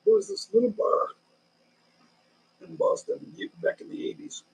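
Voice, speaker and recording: Gravelly high-voiced man in his sixties. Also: big pitch swings, moderate pace, darkish tone, poor audio. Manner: rambling, loose storytelling with many restarts. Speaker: live-stream host. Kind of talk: casual live-stream chat. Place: home in the Philippines.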